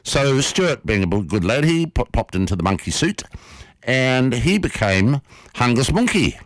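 A man hosting a radio show, telling a story in a lively, animated way from a studio. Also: mid-range voice, normal speed, no room sound, poor audio. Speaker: radio host.

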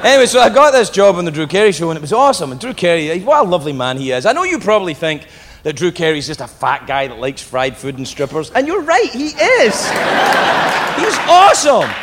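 A man telling a swearing, animated stand-up story on stage. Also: a little high, quick pace, slight background noise. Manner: animated, swearing storyteller doing mock voices. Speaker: stand-up comedian. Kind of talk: stand-up set. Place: live comedy venue. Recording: echoey hall with loud crowd laughter.

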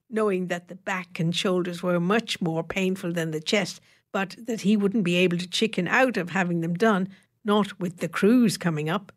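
A woman reading an audiobook in a measured, wry storytelling manner. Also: lowish voice. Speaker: narrator. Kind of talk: audiobook narration.

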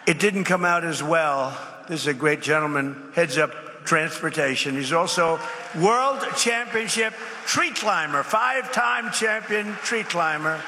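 Man, bright voice, repetitive emphatic speech, podium mic in a big reverberant hall. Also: a little high, a little slow, slight background noise. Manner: repetitive, emphatic, rambling asides. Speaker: speaker at a public event. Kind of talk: off-the-cuff rally speech. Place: large event space. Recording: reverberant hall with faint ambience.

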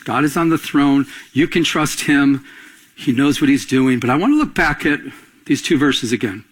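A man's voice: on the high side, rough recording. A man preaching a sermon, telling stories and calling for responses from the congregation. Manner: call-and-response preaching, rising emphatic. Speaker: pastor.

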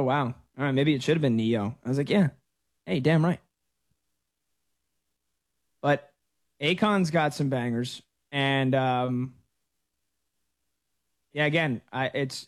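A man in his thirties hosting a sports talk radio show, chatting casually and telling stories in an animated way. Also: medium pitch, no room sound. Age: 30s.

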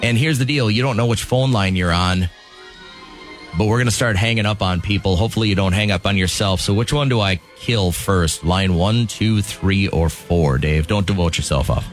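A man's voice: on the low side, faint music behind. A man hosting a morning radio call-in game, playful and teasing with callers. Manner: playful, teasing, quick banter. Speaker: radio show host.

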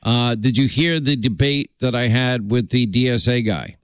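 A man's voice: medium pitch, normal speed, clean tone, dry recording. A man hosting a call-in radio talk show, chatting with callers in a friendly, rambling way.

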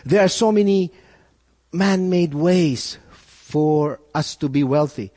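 A male pastor preaching a sermon, animated, with repeated phrases and rhetorical questions. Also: on the high side, takes it slowly, big-room sound.

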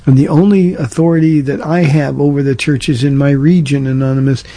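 On his casual call-in radio show, a Southern California pastor gives earnest, conversational answers to listener questions, frequently starting over. His mid-range voice is dark and steady, fairly quick, and recorded without echo.

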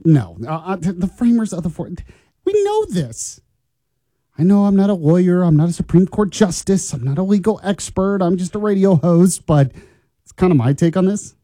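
A man's voice: high voice, big pitch swings, normal speed, mellow, no room sound. A man hosting a morning talk radio show, chatty and opinionated, teasing listeners and colleagues. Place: radio studio.

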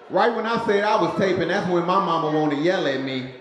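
A man's voice: sits high, lively intonation, a little fast, echoey room, background noise. A male stand-up comedian telling stories to a crowd with a punchy, storytelling delivery. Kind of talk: stand-up routine.

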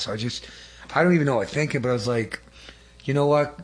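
Husky man giving an earnest church testimony. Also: medium pitch, fast. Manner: earnest, rambling, frequent self-corrections.

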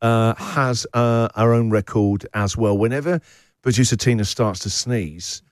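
A man's voice: medium pitch, unhurried, dry recording, studio quality. A man hosting a radio breakfast show, reading out listener messages and teasing his co-hosts with a laugh. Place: radio studio.

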